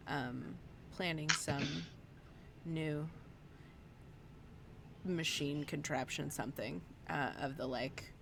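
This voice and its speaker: A woman's voice: sits low, creaky, a bit bright, a little hiss or hum. A woman playing a tabletop role-playing game over an online call, describing her character in a meandering, filler-heavy way. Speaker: player. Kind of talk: tabletop role-play chat.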